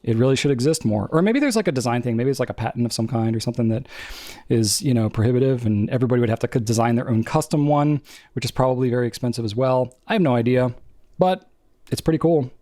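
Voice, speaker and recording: A man's voice: medium pitch, quick pace, dark tone, dry recording, studio quality. A man co-hosting a podcast, chatting casually and thinking aloud with frequent restarts. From New England. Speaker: podcast co-host. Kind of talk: casual chat.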